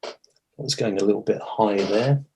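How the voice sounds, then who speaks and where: A man's voice: on the low side, moderate pace, noisy background. Chatty man teaching watercolour. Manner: chatty, thinks aloud while working; self-deprecating humour. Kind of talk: live painting demonstration.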